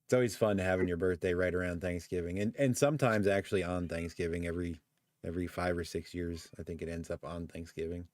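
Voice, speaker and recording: A man's voice: low-pitched, steady tone, fast, darkish tone, dry recording. A man co-hosting a live stream, chatting easily and laughing often as he rambles. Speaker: podcast co-host. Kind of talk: casual chat on a live stream.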